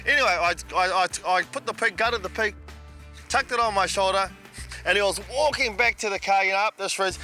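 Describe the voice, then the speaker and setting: A man telling a hunting yarn in a lively, colloquial way. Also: sits high, a little fast, soft background music. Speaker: storyteller. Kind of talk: casual anecdote.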